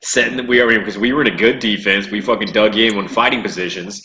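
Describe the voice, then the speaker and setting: A man's voice: lowish voice, fairly even intonation, fast, bright, forceful tone. A man recalling his Marine deployment in a casual, profane chat, often laughing. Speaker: former Marine, guest. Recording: echoey room, faint noise.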